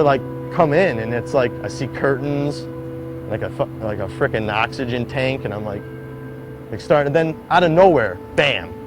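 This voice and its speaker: A man's voice: medium pitch, low-quality recording. A young man telling a personal story in an interview, peppering it with "like". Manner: heavy use of "like", acts out quoted voices. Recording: interview clip with music underneath.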